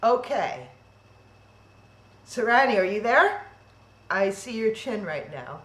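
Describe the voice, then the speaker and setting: This event host, a woman with a medium-pitched, fairly bright voice, is very animated yet takes it slowly. She chatters in a flustered way about technical trouble on the video call of her live-streamed event, thinking aloud and restarting. Faint noise and a roomy echo color the audio.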